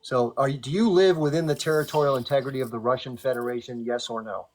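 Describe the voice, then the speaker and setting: A man's voice: medium pitch, fast talker. A man hosting a live stream debate, firmly cutting in to keep order. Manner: firm, cuts in to keep order. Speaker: live stream host and moderator.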